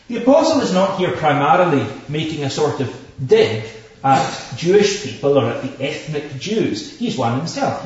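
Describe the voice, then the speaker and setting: A man preaching a sermon with slow, emphatic delivery, stressing repeated words and reading scripture in old formal English. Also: fairly high pitch. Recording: echoey, distant, dull hall recording.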